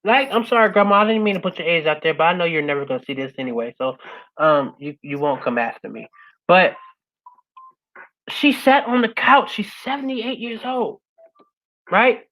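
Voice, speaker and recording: A woman speaking as a guest, giving a passionate motivational talk. She keeps asking "right?" and swings from loud urging to a soft, quiet close. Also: normal speed, poor audio. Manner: passionate, repeats "right?" after most points; swings between loud urging and soft, low-key closing.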